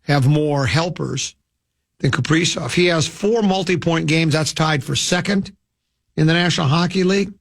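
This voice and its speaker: A male sports radio host in casual banter, playful and theatrical, often slipping into quick put-on voices. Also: fairly high pitch, vocal fry.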